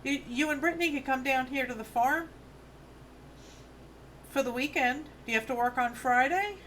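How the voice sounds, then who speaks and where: A woman's voice: high voice, normal speed, a bit bright, slight background noise. A woman in her fifties with a New York accent, hosting a craft livestream and chatting casually with viewers while she works. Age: 50s. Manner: chatty, rambling, friendly asides to viewers. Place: home studio on a farm.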